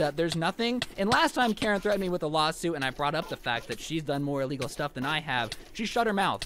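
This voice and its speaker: Sarcastic young man ranting, high and lively. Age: 20s. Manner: sarcastic, mocking and exasperated. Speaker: YouTuber telling a story over gameplay. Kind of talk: animated storytime rant. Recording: loud background noise.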